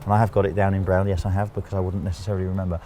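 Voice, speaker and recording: A man's voice: deep voice, flat delivery, racing, dark tone, slight background noise. A man co-hosting a casual chat, explaining things step by step with jokes along the way. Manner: chatty, jokey, explaining step by step. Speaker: co-host.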